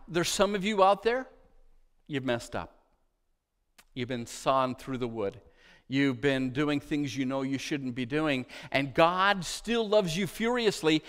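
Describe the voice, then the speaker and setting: A middle-aged man preaches in a church with a high, bright-pitched voice, and a long reverb hangs behind every phrase. He tells his stories warmly, then drops to a near whisper for the tender parts. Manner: storytelling, dropping to a hushed voice for tender moments. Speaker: pastor. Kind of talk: sermon.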